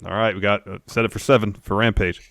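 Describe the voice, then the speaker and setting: Low-voiced man recapping wrestling casually. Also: fast talker, no room sound, studio quality. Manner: animated retelling, acts out wrestlers' promos. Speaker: wrestling podcast co-host.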